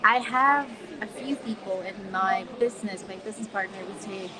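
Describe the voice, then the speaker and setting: A woman's voice: medium pitch, steady tone, normal speed, low-quality recording. A woman from the Philippines in her forties, a coach talking casually and upbeat on a live stream filmed with a phone on a tripod, laughing often. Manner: chatty and upbeat, with frequent laughs and fillers. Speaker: confidence coach. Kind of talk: live-stream talk to followers. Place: shopping mall, in a public space. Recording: phone live-stream with mall crowd behind. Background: crowd of shoppers.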